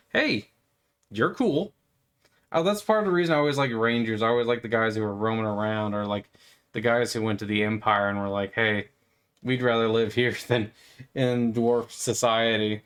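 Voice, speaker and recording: A man talks his way through a video game in a loose, playful ramble. He stammers and fills pauses with ums and likes, and his voice sits at an ordinary middle pitch. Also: a bit bright, clean tone. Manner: playful, meandering, stammering, with frequent fillers. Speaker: gamer. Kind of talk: rambling gameplay commentary.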